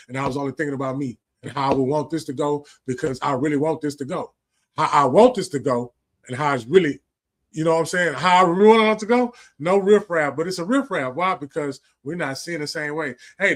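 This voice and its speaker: A man, hosting a livestream and giving a casual, preachy monologue full of slang, profanity and repetition. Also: fairly high pitch. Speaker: livestream host.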